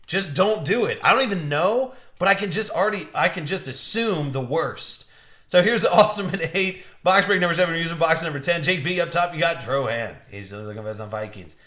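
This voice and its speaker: A man's voice: a little high, animated, brisk, bright, forceful tone, reverberant. A man hosting a live-streamed trading card box break, chatty and upbeat, joking with viewers as he opens packs. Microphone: streaming mic.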